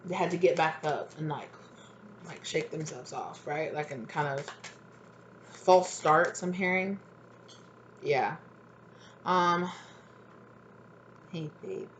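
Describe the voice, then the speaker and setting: A woman's voice: deep voice, takes it slowly, pauses often, slight background noise. A woman giving a casual, rambling tarot reading at home, full of fillers. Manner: chatty, rambling, many fillers. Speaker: tarot reader.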